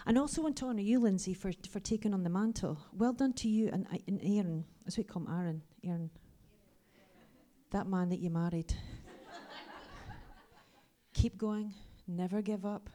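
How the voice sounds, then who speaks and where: A woman in her forties preaches with animated energy, telling stories from her own life. She slips into a hushed whisper for asides, then comes back full voice. Her pitch sits at an ordinary middle height. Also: moderate pace, pauses often. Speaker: pastor. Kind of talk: lively sermon with personal stories.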